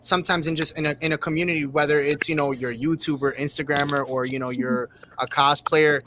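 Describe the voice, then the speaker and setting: A man's voice: fairly high pitch, steady tone, fast, background noise. A man hosting a casual group chat, encouraging and stumbling over repeated words. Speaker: host.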